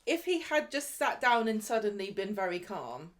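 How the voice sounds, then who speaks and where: A woman with an English accent co-hosting a podcast, chatting casually about a soap and thinking out loud. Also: mid-range voice, very animated, normal speed. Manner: chatty, thinks aloud, swears lightly. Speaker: podcast co-host. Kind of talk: casual chat recapping a soap.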